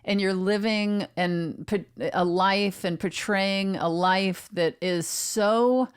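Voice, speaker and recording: Slow, dry-humored woman co-host. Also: mid-range voice, steady tone, smooth. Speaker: podcast co-host. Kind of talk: casual comedic chat.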